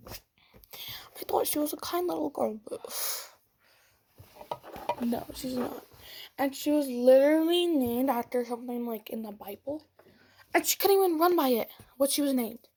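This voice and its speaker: A woman's voice: high-pitched, expressive, moderate pace, long pauses, darkish tone, a little hiss or hum. A young woman telling a dramatic storytime about a fight, with whispered asides and acted quotes. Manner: dramatic retelling, whispering asides, quoting in voices. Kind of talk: storytime vlog.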